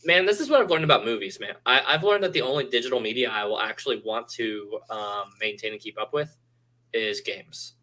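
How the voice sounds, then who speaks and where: A man's voice: mid-range voice, a little fast, bright, forceful tone, rough recording. A man co-hosting a live-streamed podcast in casual, rambling chat, joking and swearing freely. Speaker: podcast co-host.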